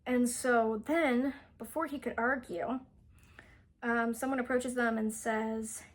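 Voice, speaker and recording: A woman's voice: on the high side, steady tone, slow pace. A young woman casually retelling a book's plot, rambling with lots of fillers and giggles. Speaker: book reviewer.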